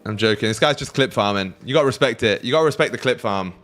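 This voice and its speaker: A man's voice: mid-range voice, fast talker, a bit bright, soft background music. Casual British man streaming trades. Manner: banters with chat, swears freely, laughs often. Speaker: livestream trading host. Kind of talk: casual livestream chat with viewers.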